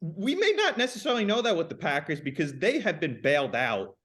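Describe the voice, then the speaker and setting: A man's voice: a little high, very animated, a little fast, fairly bright tone. Blunt, emphatic young man talking sports. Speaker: podcast co-host. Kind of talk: casual sports chat.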